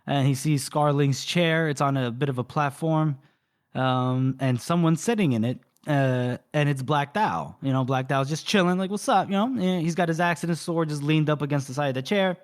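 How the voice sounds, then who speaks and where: A man's voice: a little high, normal speed. A man co-hosting a podcast, casually retelling a book's plot with many fillers and briefly acting out the characters' lines. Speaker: podcast co-host. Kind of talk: casual book recap.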